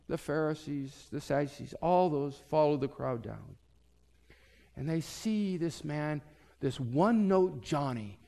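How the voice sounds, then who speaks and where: A man preaching a sermon as pastor, telling a story and swinging from loud to hushed. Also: a little high, big-room sound.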